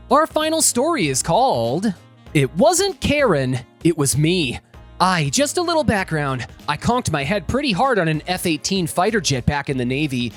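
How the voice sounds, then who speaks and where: A man reading online stories aloud as the show's host, adding his own comments between them. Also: high-pitched. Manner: lively, expressive reading. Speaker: story reader and host. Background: faint background music.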